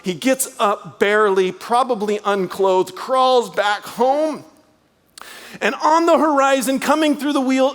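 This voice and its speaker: A middle-aged man preaching a sermon as a guest speaker, animated, swinging between loud lines and hushed asides. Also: sits high, big-room sound. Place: church.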